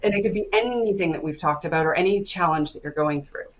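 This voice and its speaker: Woman coach on a video call, kinda low voice, acts out the quotes, sound a bit dull. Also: fast, slight background noise. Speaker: stress coach and guest speaker. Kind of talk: animated storytelling in an online session.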